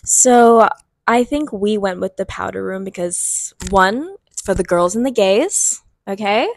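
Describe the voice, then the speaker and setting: A woman's voice: medium pitch, expressive, unhurried. A young woman co-hosting a podcast in casual chat, upbeat and laughing often. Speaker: podcast co-host.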